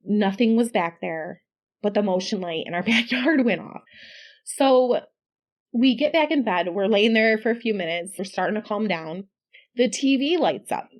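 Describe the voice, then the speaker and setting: A middle-aged woman co-hosting a podcast, telling a personal story in casual chat, animated and quick to laugh. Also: medium pitch. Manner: chatty, animated when quoting, laughs often. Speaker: podcast co-host.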